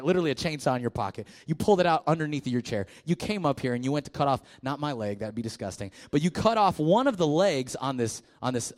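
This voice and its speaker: A man, a youth pastor and guest speaker, giving an energetic call-and-response sermon, joking and shouting key words. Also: medium pitch.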